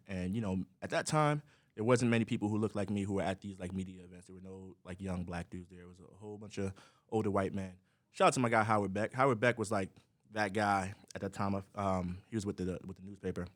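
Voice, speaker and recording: A man's voice: fairly low pitch, quick pace, dry recording, clean studio sound. A young man from Brooklyn, co-hosting a casual chat and telling a story with lots of laughter and acted-out quotes. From Brooklyn, New York. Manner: animated storyteller, laughs often, acts out quotes. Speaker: podcast co-host.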